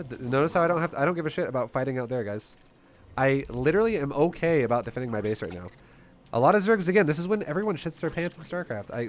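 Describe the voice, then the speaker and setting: A man giving casual, energetic commentary while he plays and teaches a strategy game, talking bluntly and swearing now and then. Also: mid-range voice, slight background noise. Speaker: gameplay coach.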